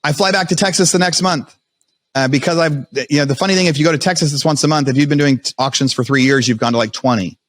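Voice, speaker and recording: A man as a podcast guest, telling his story in a fast, animated way with many restarts. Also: fairly high pitch, no echo. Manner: fast, animated retelling with frequent restarts and quoted self-talk.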